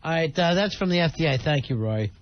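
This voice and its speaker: A man's voice: fairly high pitch, animated, fairly quick. A man hosting a radio talk show, teasing a colleague and reading listener messages aloud. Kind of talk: casual radio banter. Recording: dull radio broadcast audio with faint hiss.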